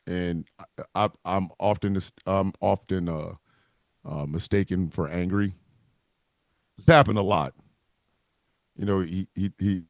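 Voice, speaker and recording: A man's voice: on the low side, dry recording. A man co-hosting a wrestling talk livestream, joking and cursing in casual banter over a video call. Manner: profane, joking, animated.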